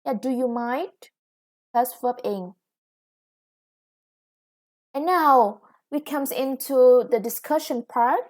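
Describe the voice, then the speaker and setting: A woman with a Vietnamese accent teaches English grammar on a recording, her voice sitting high with a slightly mellow quality. She goes slowly and patiently, with many "yeah"s and "okay"s.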